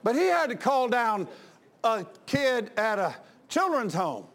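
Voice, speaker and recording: A man preaches in a folksy, anecdotal way. His voice sits high and leaps all over the place. He jumps from loud outbursts to quiet, confiding asides. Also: very animated, measured pace. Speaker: pastor.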